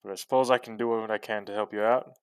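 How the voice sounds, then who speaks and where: Guy doing a polite, wry revived man, lowish voice, dry sound. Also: steady tone, fast talker, clean tone, no room sound, close to an everyday voice. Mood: grateful, amused. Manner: polite, wry, a bit flustered. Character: man just returned from the dead, courteous.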